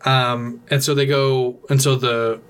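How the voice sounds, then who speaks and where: A man's voice: mid-range voice, little pitch movement, measured pace, smooth. Rambling, laughing podcast host man. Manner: rambling, hesitant, laughs often. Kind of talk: casual movie recap chat.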